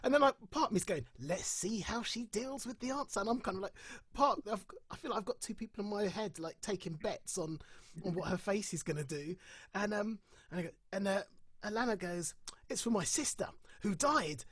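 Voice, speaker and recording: Husky, dry-sounding woman storyteller. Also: medium pitch, a little fast, dry recording. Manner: expressive, acts out voices, laughs at dark humour. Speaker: bereaved parent panelist. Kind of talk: candid conversational storytelling. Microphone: video call.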